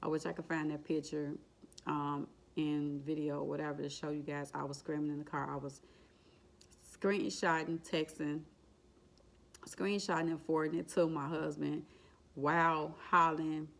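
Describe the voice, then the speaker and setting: A woman's voice: sits low, flat delivery, normal speed, creaky. A woman vlogger telling an emotional, faith-filled personal story in a casual, repetitive way. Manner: exclaims and laughs while retelling. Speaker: vlogger sharing her exam story.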